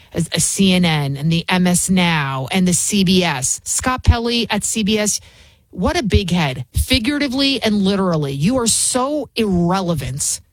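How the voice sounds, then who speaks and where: A woman's voice: fairly low pitch, no echo. Fill-in radio host, woman, scornful ranting delivery, dry close sound. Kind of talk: talk radio commentary.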